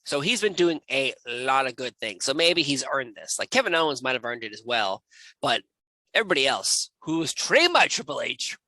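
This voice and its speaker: A man hosting a casual comedic wrestling reaction show, animated and jokey, laughing often as he talks close to the mic. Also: mid-range voice, normal speed, no room sound, low-quality recording.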